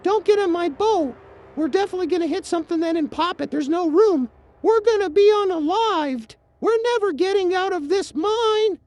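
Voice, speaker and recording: A man imitating his panicking male friend, who wails and sobs in shrill, frantic terror. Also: moderate pace, darkish tone. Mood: panicked wailing. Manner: shrill, wailing, frantic repetition. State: crying.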